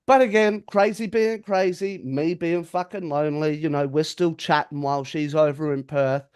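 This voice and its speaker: A man's voice: fairly high pitch, steady tone, normal speed, a little mellow, smooth. A man, a podcast co-host telling a story in casual chat, acting out the quotes and swearing freely.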